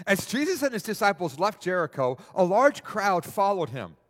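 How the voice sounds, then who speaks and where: A man preaching a sermon in a church hall, animated and asking the audience questions. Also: high-pitched, moderate pace. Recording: long reverb of a large hall.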